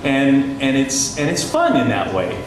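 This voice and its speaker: A middle-aged man spins stories on a panel, talking loosely with frequent laughs and false starts. His voice sits in the middle of the range for a man. He is picked up from a distance in a big, very reverberant hall, with a steady hiss of room noise. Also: medium pitch, a little slow. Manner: chatty storyteller, laughs often, many restarts. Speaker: radio journalist on a panel. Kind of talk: anecdotal panel talk. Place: panel discussion in a large echoey room. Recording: echoey hall from far off, noisy.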